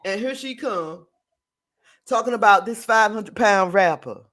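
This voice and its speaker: A man's voice: sits high, animated, unhurried, pushed and bright. A man hosting a casual live-stream talk show, reading news aloud and tossing in sassy asides to listeners he calls girl and honey. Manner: chatty, laughs often, addresses the audience as y'all.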